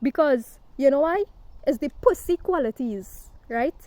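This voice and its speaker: Forceful high-voiced woman preaching. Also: expressive, a little slow, dry recording. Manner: forceful and preachy, with profanity and a constant "right?". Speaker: spiritual self-help speaker. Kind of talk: impassioned monologue to camera.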